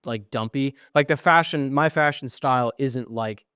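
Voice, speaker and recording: A man's voice: mid-range voice, normal speed, fairly bright tone, clear, resonant tone, dry recording, clean studio sound. A young man co-hosting a podcast, telling stories in casual chat, quoting others and swearing often. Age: young adult. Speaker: podcast co-host.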